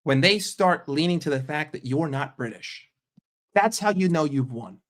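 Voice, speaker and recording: A man's voice: a little high, animated, normal speed. An American man in a sarcastic, combative rant on a fan stream, swearing often. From United States. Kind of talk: ranting live stream.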